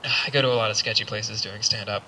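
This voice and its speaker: A man's voice: lowish voice, steady tone, fast, pushed and bright, slight background noise. A young man doing stand-up in a rambling, self-deprecating way, full of stumbling restarts. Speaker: stand-up comedian. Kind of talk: stand-up set. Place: comedy club stage.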